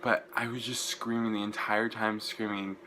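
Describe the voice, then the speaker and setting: A young man, gushing and rambling through an excited casual vlog recap, full of "like" fillers. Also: lowish voice, normal speed, slight background noise, rough recording. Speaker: vlogger.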